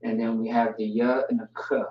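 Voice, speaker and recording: A man teaching a language class online, relaxed and joking, spelling words out slowly. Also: medium pitch. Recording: distant, roomy, dull mic sound.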